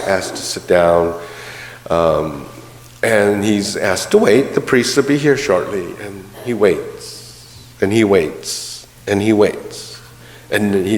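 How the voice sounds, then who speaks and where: Low-voiced male minister in an echoey church. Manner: conversational storytelling with light humor. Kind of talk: sermon. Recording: roomy church hall reverb.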